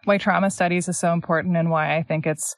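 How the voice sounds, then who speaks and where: A woman's voice: on the low side, steady tone, fast, no echo, studio quality. A woman co-hosting a podcast, reflecting thoughtfully in casual chat with wry asides. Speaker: podcast co-host. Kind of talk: casual conversational analysis.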